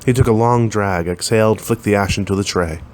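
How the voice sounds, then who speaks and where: A man with a fairly low voice reads a science fiction story aloud. He keeps the telling plain and steady, lifting his voice only a little when the characters speak. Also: a little fast. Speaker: narrator.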